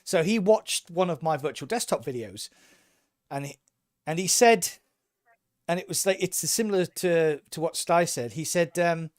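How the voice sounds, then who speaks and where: A man's voice: fairly high pitch, expressive, normal speed, no room sound, studio quality. A man co-hosting a casual podcast, talking with eager enthusiasm and rambling through restarts. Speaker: podcast co-host.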